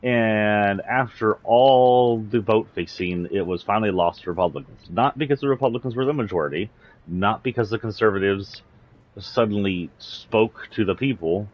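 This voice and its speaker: In poor audio, a man from Texas with a slight Southern accent and a voice on the low side delivers a livestreamed political rant. He's a commentator who is blunt and indignant and swears freely.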